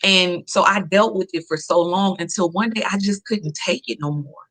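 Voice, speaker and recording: A woman's voice: lowish voice, normal speed, a bit bright. A woman, a podcast guest telling a personal story in an earnest, emphatic way and repeating key phrases.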